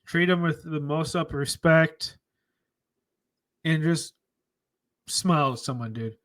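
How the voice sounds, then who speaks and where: Slow, halting man with a higher voice. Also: a bit bright. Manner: slow, halting, lots of ums, earnest. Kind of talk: casual memorial chat. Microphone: close desk mic on stream.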